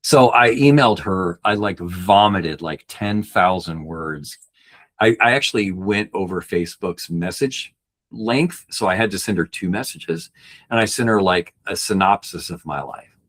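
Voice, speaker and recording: A middle-aged man, guesting on a podcast, tells a personal story earnestly, raising his pitch to act out the people he quotes. His voice is expressive, a bit bright, and unhurried.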